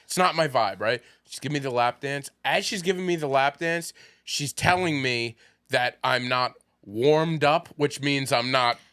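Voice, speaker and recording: Bright-voiced man telling a story. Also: mid-range voice, a little slow, smooth, no room sound, clean studio sound. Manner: laughing storyteller, acts out quotes. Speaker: podcast co-host. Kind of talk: casual comedy chat.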